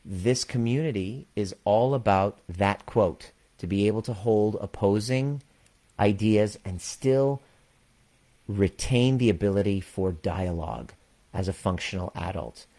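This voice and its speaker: A man's voice: on the low side, measured pace, warm tone. A man and former chiropractor telling a story in a candid, earnest way, swearing freely, then speaking to his community about hearing opposing views. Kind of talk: casual storytelling monologue.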